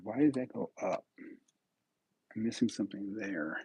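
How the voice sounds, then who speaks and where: A man's voice: fairly low pitch, moderate pace, warm tone, breathy edge, no echo, low-quality recording. A man from New York state hosting a live stream, chatting casually with viewers and muttering to himself as he builds. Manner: chats with viewers, muttering to himself between pieces. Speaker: livestream host.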